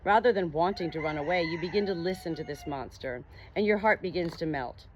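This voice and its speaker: A woman reading an audiobook aloud in a calm, measured way, addressing the listener as you. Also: fairly low pitch, lo-fi sound, background noise. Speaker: audiobook reader. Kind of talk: audiobook narration.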